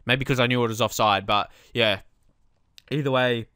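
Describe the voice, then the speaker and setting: A man commentating on his own football management game, calmly explaining tactics and then shouting when goals go in. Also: mid-range voice, normal speed, clean tone, no room sound, clean studio sound. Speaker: let's play host.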